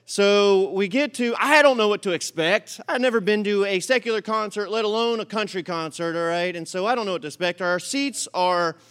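A man's voice: sits high, clear, resonant tone. A man giving a sermon, telling a comic story with frequent "all right?" asides before turning to scripture. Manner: animated, comic delivery. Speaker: pastor.

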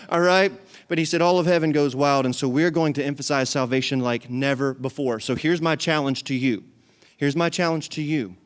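A man preaching a sermon in a church. His voice is fairly high for a man, smooth and clear, and he drives his points home by repeating them. He keeps calling on the congregation to answer back. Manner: preaching with rising emphasis and repetition; calls the congregation to respond. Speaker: pastor. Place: church sanctuary.

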